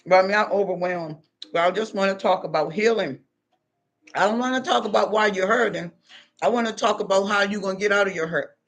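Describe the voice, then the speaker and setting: He's a tired livestream host at home, munching on food while he talks loosely with viewers in a chatty, casual stream picked up by a computer microphone. His voice is high with a fairly bright tone, and he speaks fairly quickly.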